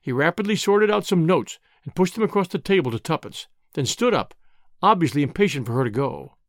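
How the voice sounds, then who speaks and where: A male narrator reads a story aloud in a lively, expressive way. His voice sits a little on the high side and moves freely up and down. The recording is dry, with no room echo. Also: brisk. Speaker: audiobook narrator. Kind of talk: scripted narration.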